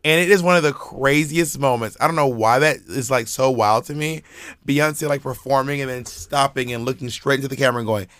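A man chatting casually as a podcast co-host, talking fast with many restarts. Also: medium pitch, fairly bright tone, clear, resonant tone, dry recording. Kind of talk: casual chat.

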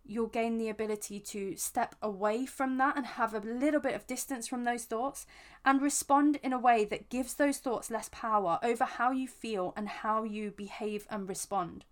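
A woman with a slightly raised pitch talks through a self-help episode as the podcast host. She speaks gently and earnestly, often restarting or repeating words as she thinks aloud. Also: fairly even intonation, moderate pace. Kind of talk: reflective self-help talk.

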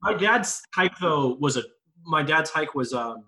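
A man's voice: on the high side, expressive, unhurried, sharp tone, poor audio. A man in his late twenties talking in a casual group discussion, telling rambling personal stories. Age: late 20s. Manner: rambling, anecdotal storyteller. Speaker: panelist.

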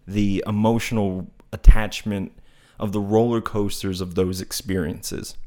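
A man's voice: on the low side, darkish tone. A man giving a casual, reflective talk, telling a parable in a meandering, thoughtful way and searching for his words. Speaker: speaker on non-duality.

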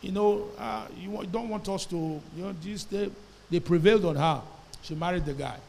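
A male pastor preaching in a high voice. He tells a story and has the congregation repeat phrases back to him. His voice rings with the long reverb of a church hall. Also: normal speed, vocal fry, darkish tone. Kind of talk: sermon.

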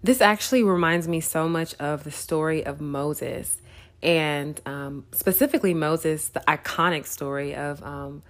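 A woman's voice: low voice, a little slow. A woman hosting a podcast, giving a casual faith talk in a conversational way with lots of fillers and frequent laughs. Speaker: podcast host.

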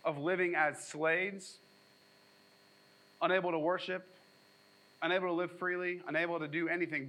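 Preaching a sermon, a man on the high side reads from scripture and then retells it in a lively storytelling style, throwing in casual asides and jokes. The audio quality is poor.

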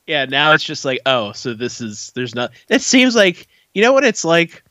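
A man's voice: on the high side, big pitch swings, normal speed, bright, forceful tone, dry recording, clean studio sound. A man co-hosting a podcast, rambling and joking in casual chat. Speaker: podcast co-host.

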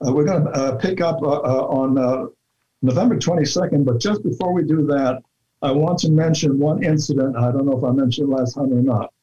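Guy rambling thru his research w lots of uhs, warm lowish-toned voice, kinda dull lo-fi audio. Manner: deliberate, with many fillers and restarts. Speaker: researcher guest. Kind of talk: conversational interview talk. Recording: dull lo-fi sound.

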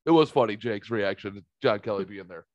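A man in his forties, a podcast host telling casual stories in an animated way, swearing freely and jumping higher when excited. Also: a little fast, no echo, muffled recording. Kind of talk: casual storytelling chat.

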